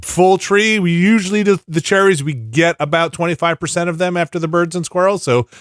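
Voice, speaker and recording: A man's voice: high voice, fairly quick, a bit bright, clean tone, dry recording, studio quality. A man hosting a casual podcast, telling rambling stories with many restarts. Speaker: podcast host.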